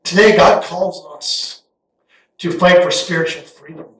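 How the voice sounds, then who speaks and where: A middle-aged man giving a folksy, animated guest sermon in a church sanctuary, acting out Bible characters in quick asides. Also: high voice, far from the mic. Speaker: guest pastor. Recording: echoey church hall, voice heard from afar.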